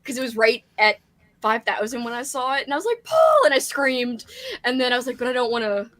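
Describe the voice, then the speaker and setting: A woman's voice: on the high side, fairly even intonation, fast, fairly bright tone, no room sound. A young woman hosting a casual livestream chat, giggly and gushing. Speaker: livestream host.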